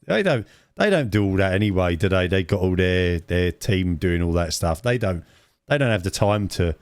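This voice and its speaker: A man's voice: low-pitched, animated, normal speed, no echo. A man co-hosting a podcast, rambling in casual chat, repeating words and adding tag questions. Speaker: podcast co-host.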